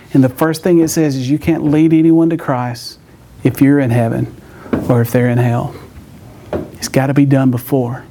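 A middle-aged man preaches to a young crowd in a slightly higher-than-usual voice. He tells personal stories loosely and warmly, with self-mocking asides and little acted-out voices. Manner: storytelling with jokes, acts out voices. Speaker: youth pastor. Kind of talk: sermon.

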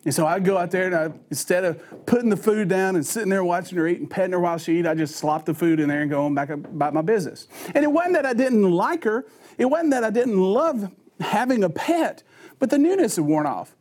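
A man's voice: sits high, lively intonation, a little fast, a little mellow. A man preaching a sermon in a folksy, conversational storytelling manner.

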